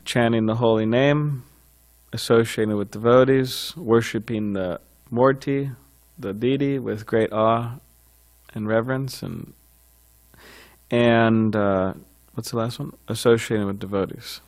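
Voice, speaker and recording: A man's voice: medium pitch, unhurried. A man giving an informal scripture class, talking conversationally with frequent fillers and light chuckles.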